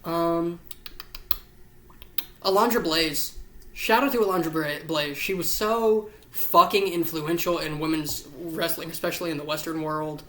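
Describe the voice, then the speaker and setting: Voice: mid-range voice, a little slow, fairly bright tone, echoey room, slight background noise. A vlog host rambling casually to camera, gushing and swearing a lot, sounding tired. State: tired, yawning. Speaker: YouTube host. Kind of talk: casual ranking chat to camera.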